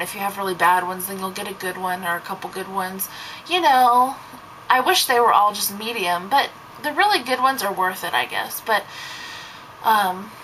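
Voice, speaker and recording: A woman's voice: fairly high pitch, fairly bright tone, slight background noise, rough recording. A young woman, a babysitter, telling a story in a casual vlog, rambling and saying "like" constantly. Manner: rambling, heavy use of "like".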